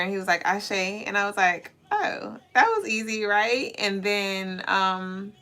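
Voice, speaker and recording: A woman's voice: mid-range voice, bright, forceful tone. A woman from Savannah, Georgia with a Southern accent, hosting a livestream and chatting playfully with viewers as she reads their comments. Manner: chatty and playful, laughs often. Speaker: livestream host. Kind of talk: casual livestream chat reading viewer comments.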